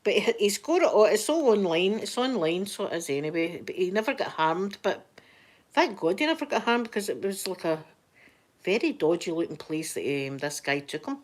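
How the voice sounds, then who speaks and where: A woman's voice: medium pitch, expressive, normal speed. A Scottish woman chatting casually on a live stream, rambling through stories and laughing often. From Scotland. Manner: chatty, rambling storyteller who laughs a lot.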